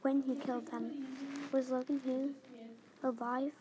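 A young female reader reading her own story aloud in the first person, halting and restarting phrases as she reads. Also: high-pitched, little pitch movement. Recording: faint background noise.

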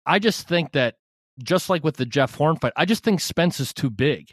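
Relaxed mid-pitched man, dry mic. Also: normal speed, no room sound. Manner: relaxed, reasoned, lots of fillers. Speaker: podcast co-host. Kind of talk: casual boxing podcast chat.

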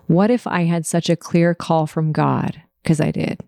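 Slow, gravelly-voiced woman confiding. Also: low-pitched, steady tone, darkish tone, no echo. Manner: earnest, emotional and confessional. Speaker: podcast host. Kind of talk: personal podcast monologue.

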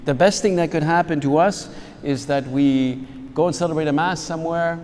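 A man's voice: on the high side, normal speed, a little mellow, slight background noise. A man, a priest, giving a reflective spiritual talk to fellow priests. He searches for words as he goes and often restarts his phrases. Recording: long hall reverb.

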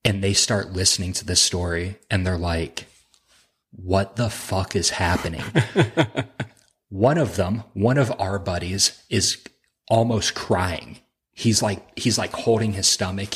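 A man's voice: sits low, unhurried, fairly bright tone, husky. A man on a podcast as a guest, casually telling a laugh-filled, profane story from his army days. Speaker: podcast guest, helicopter crew chief.

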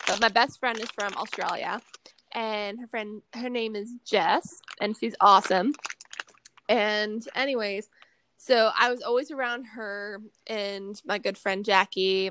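A woman's voice: mid-range voice, fairly bright tone, no echo, rough recording. A woman hosting a casual chat, rambling and chatty with lots of fillers and self-corrections, a little tipsy from wine.

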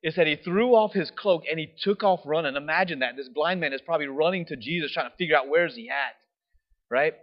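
A man delivers a sermon, telling the story with animated emphasis and often asking "right?", then dropping to a soft, slow voice for reflective points. His voice is a little high, and the recording is dull and lo-fi.

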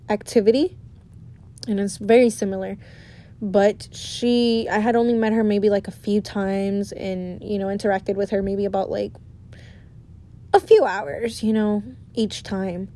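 A woman in a casual vlog, talking candidly and animatedly with lots of swearing. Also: medium pitch. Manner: candid, profane, animated storytelling.

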